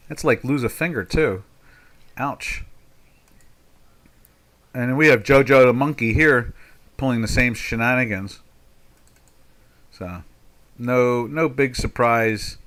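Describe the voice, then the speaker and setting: A man's voice: mid-range voice, measured pace, long pauses, fairly bright tone. A man in his sixties giving rambling, folksy live trading commentary with sarcastic asides from a home trading desk. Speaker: market commentator.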